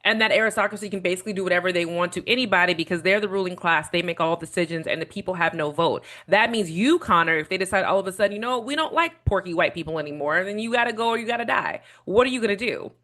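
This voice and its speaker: A woman's voice: fairly low pitch, racing, hardly any pauses, a bit bright. A woman reviewer giving a blunt, indignant reaction commentary on a debate clip. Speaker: video reviewer.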